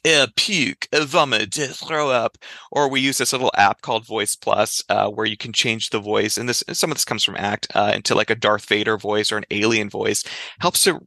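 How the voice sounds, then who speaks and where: Gravelly man explaining as an interview guest. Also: on the low side, dry recording. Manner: explanatory, lively, uses examples. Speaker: clinical psychologist guest. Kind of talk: conversational interview.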